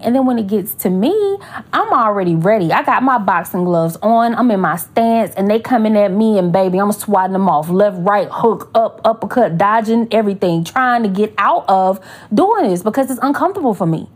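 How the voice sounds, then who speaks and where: Husky woman host, casual and animated, slangy storytelling, acts out other people's voices. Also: mid-range voice, moderate pace. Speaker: podcast host.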